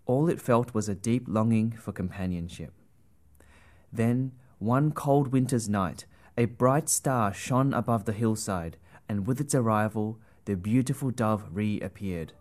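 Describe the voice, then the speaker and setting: A man narrating a storybook tale in a gentle, expressive way. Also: fairly low pitch, unhurried.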